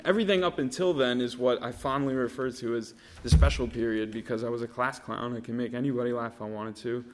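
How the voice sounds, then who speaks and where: A man in his thirties sharing his life story at a recovery meeting, rambling with lots of fillers and swearing. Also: medium pitch. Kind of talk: casual personal storytelling.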